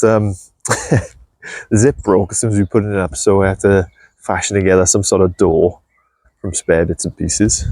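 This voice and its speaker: A man chatting casually while he shows his farm and garden, relaxed and self-deprecating, with a clip-on mic. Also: on the low side, a little hiss or hum. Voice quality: gravelly. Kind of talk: casual walk-and-talk vlog. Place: outdoors on a farm and in a polytunnel. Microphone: clip-on mic on clothing.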